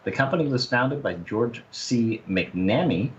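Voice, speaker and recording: A man's voice: mid-range voice, lively intonation, measured pace, highs cut off, a little hiss or hum. A man co-hosting a casual podcast, reading out company details with hesitant fillers. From United States. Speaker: podcast co-host.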